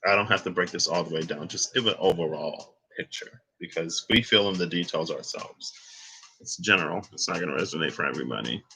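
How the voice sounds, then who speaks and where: A man's voice: sits low, brisk, vocal fry, bright, forceful tone, slight background noise, rough recording. A man giving a casual, rambling tarot reading, thinking aloud with asides and bursts of laughter. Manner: laughs and exclaims between points. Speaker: tarot reader.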